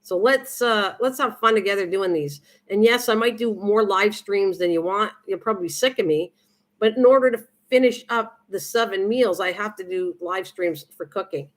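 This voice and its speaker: A middle-aged woman talks casually to her viewers while she cooks on a live stream. She rambles, restarts her sentences and fills the pauses with ums and uhs. Her pitch sits in a plain middle range. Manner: chatty, rambling, many restarts and fillers.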